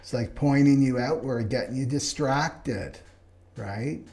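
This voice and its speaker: A man with a medium-pitched, gravelly, slightly mellow voice takes it slowly while teaching a live online astrology class. His tone is earnest and spiritual, and he keeps checking in with the listener by asking "right?"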